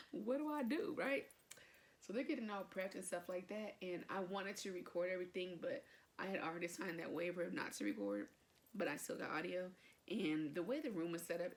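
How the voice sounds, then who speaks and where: A woman's voice: lowish voice, creaky. A young woman vlogger telling a personal story to camera in a chatty, emotional way, with lots of fillers.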